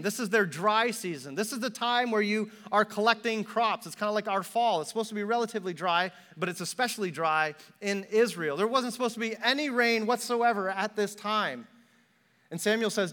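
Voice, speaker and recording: A man preaching a sermon, telling stories animatedly and acting out the voices of the people in them, then dropping to a hush for emphasis. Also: sits high, moderate pace. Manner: animated storytelling, acts out quotes, drops to a hush for emphasis. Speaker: pastor. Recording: long hall reverb.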